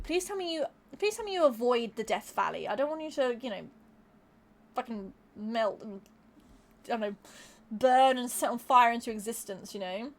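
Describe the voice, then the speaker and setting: Woman, live streamer, casual chat, high voice, swoops around a lot, giggly, swears, repeats herself. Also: animated, moderate pace. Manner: chatty, laughs often, swears casually, repeats words when thinking.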